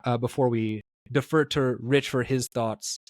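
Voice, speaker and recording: Male podcast host, mid-pitched, filler-heavy and rambling, dry close sound. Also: steady tone, a little slow, a little mellow, no echo. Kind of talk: casual podcast interview.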